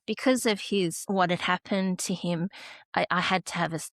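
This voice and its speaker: A woman's voice: lowish voice, steady tone, moderate pace, fairly bright tone, no echo. An Australian woman, a podcast guest, telling an emotional personal story. She is close to tears and often restarts her sentences.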